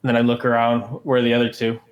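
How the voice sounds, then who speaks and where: A man's voice: medium pitch, completely flat delivery, very fast, lo-fi sound. A man playing a tabletop game who talks loosely and rambles over a voice call. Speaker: player. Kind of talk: casual chat. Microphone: voice call microphone.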